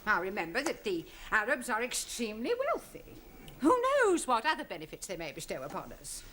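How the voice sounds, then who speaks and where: An actress playing a stern, formal school principal in a 1970s sitcom. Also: female voice, mid-range voice, wildly swooping pitch, fairly quick, fairly bright tone, slight background noise. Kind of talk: 1970s studio sitcom acting.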